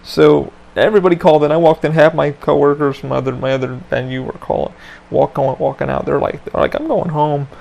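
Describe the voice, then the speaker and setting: A man's voice: on the high side, little pitch movement, fast, vocal fry, darkish tone, highs cut off. A man hosting a podcast, telling a story in a casual chat with lots of swearing and loose rambling. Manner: profane, laid-back, loose rambling. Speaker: podcast host.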